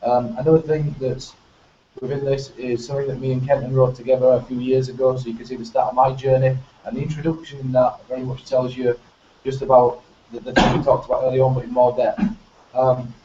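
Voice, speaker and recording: A man with a Northern English accent hosts a casual group chat, talking eagerly and circling back on himself. His voice is soft and warm, and it sounds roomy and far from the mic. Faint background noise sits under a dull, muffled recording. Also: mid-range voice, flat delivery, a little fast. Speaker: host.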